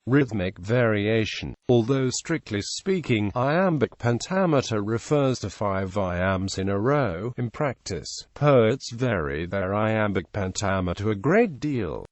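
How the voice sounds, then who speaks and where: A computer-voiced man reading an encyclopedia article aloud with stiff, even stress. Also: on the low side, a little slow, few pauses, dry recording. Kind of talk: synthetic narration of an encyclopedia article.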